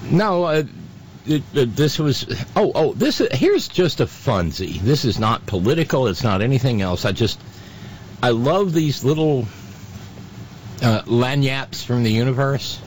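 A man hosting a radio talk show, talking in a halting way full of fillers and restarts, with sardonic asides. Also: mid-range voice, expressive, a little hiss or hum. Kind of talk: casual on-air commentary.

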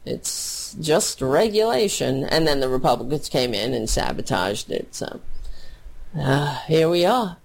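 Emotional woman with a gravelly voice. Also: sits low, expressive, measured pace. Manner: blunt, heated, and emotional. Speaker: political talk show host. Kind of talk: casual livestream commentary.

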